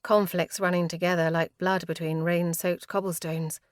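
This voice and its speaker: A woman's voice: lowish voice, flat delivery, normal speed, no room sound, clean studio sound. Woman narrating a tense fantasy audiobook. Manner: tense, dramatic delivery. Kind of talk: scripted first-person fantasy narration.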